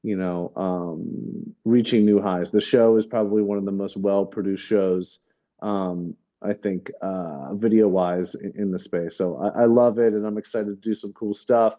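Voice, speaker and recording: A man's voice: lowish voice, steady tone, unhurried, warm tone. A man co-hosting a casual podcast, rambling and hesitant, full of fillers and restarts. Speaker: podcast co-host. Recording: dull lo-fi audio.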